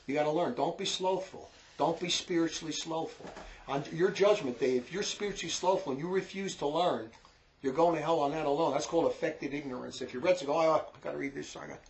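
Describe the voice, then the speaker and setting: Emphatic New Jersey man lecturing. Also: fairly high pitch. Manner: emphatic, repetitive, quick to scold. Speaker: religious teacher. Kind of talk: informal religious lecture.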